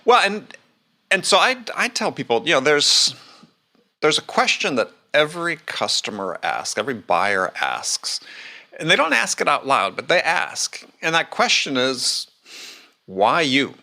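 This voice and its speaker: A man hosts a sales podcast in a relaxed interview. His voice is bright and a little gravelly, and his pitch moves a lot as he stresses his points. He repeats words as he starts a thought. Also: a little slow. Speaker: podcast host. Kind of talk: conversational interview.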